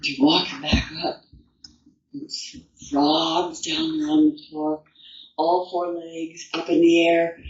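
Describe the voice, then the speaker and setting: A woman storyteller at a festival, recounting an old legend and her own life in an unhurried, rambling way. Her voice sounds distant and roomy, with the muffled sound of a dull recording. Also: sits low, level tone, gravelly. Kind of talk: told folktale and personal anecdote. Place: festival venue.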